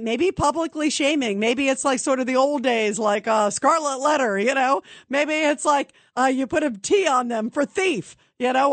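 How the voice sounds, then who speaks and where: A woman's voice: sits high, no room sound. A woman hosting a call-in radio talk show, chatting with callers and asking their views. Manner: conversational, asks callers questions.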